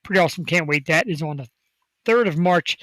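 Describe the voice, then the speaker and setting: Man, talk show host, excitable, rambling, high pitched, dry close sound. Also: brisk, no echo, rough recording. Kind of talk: casual talk show chat.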